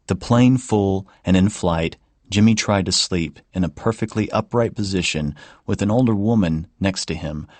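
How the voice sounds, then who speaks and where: Male narrator, very deep voice, calm, measured, dry close-mic sound. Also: no echo. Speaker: audiobook narrator. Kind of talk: scripted narration.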